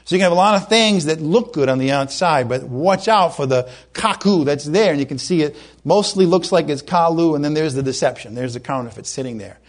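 Fervent, fairly high-voiced male preacher. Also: animated. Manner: fervent, emphatic, slows down to read scripture; stumbles over words when worked up. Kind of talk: sermon.

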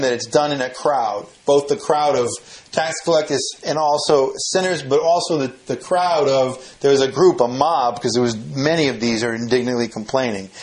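A man with a slightly high voice teaches through a Bible passage verse by verse, explaining the grammar plainly. He often repeats and restarts phrases, and his voice rises when he stresses a point. The sound is roomy and the audio quality is poor.

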